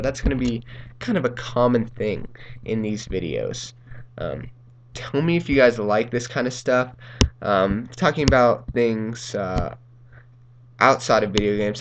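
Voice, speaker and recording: A man's voice: lowish voice, noisy background. A young man hosting a gaming channel, telling a casual story over gameplay in a rambling way, full of ums and uhs and laughing through lines.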